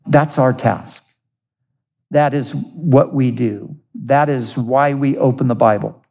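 Slow, gravelly male preacher. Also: mid-range voice, darkish tone. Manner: earnest preaching, deliberate with emphatic repetition. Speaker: pastor. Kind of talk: sermon.

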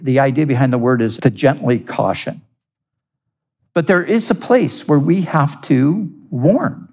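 Slow, gravelly male preacher. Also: medium pitch, lively intonation, a little mellow. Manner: earnest preaching, deliberate with emphatic repetition. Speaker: pastor. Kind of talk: sermon.

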